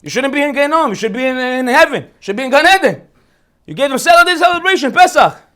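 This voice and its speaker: A man's voice: extremely high pitch, lively intonation, fast talker, a bit bright. A man playing a boastful, wicked ancient villain in a comic retelling during a lecture. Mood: gloating. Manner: gloating, indignant.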